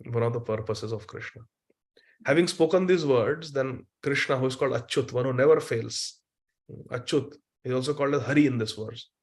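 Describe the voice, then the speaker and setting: Man chanting verses and telling a story. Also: on the high side. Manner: chants Sanskrit verses then explains them, animated storytelling with chuckles. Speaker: spiritual teacher. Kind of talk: scripture lecture with storytelling.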